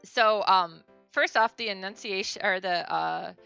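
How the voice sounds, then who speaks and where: A woman's voice: medium pitch, a little slow, creaky, sharp tone, clear, resonant tone, highs cut off, faint music behind. A woman streamer giving a casual beginner language lesson, chatty and full of fillers and self-corrections.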